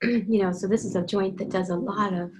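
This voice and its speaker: A woman's voice: medium pitch, fairly even intonation, fairly quick, darkish tone, a little hiss or hum. A woman working as an animal communicator, telling a casual, meandering story full of asides. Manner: meandering, digressive, lots of asides.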